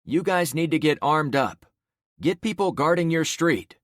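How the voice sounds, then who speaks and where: Male narrator as a commanding survivor leader, blunt, animated, dry sound. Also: fairly high pitch, normal speed, dry recording, pitched above the performer's own voice, lightly acted.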